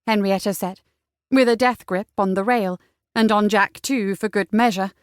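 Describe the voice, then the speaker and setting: Brief: female audiobook narrator, mid pitch, measured delivery, dry close sound. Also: fairly even intonation, no echo. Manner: measured storytelling. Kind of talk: scripted narration.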